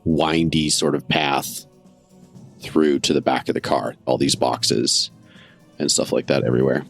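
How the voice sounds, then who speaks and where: Deep-voiced man running a tabletop game. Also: steady tone, measured pace, vocal fry, husky, soft background music. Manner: descriptive, musing, with hedging asides. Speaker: game master. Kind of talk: narrating a tabletop western game.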